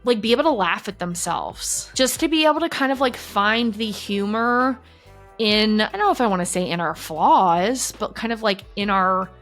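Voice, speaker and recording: A woman's voice: mid-range voice, moderate pace, a bit bright, soft background music. A woman talking candidly in a casual podcast conversation, swearing freely and filling her speech with "like". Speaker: podcast guest.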